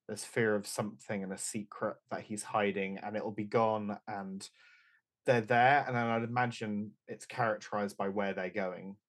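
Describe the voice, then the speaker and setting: Low-voiced man musing as a player. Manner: musing, thinking aloud. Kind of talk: tabletop game play.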